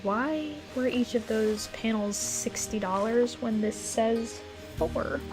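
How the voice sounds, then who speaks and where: A woman with a fairly high voice talks through a game on a live stream, rambling and giggling between fillers. Her throat sounds a little rough. Faint game music plays behind her. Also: slow. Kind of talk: casual live-stream chat while playing. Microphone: desk mic in a closed room.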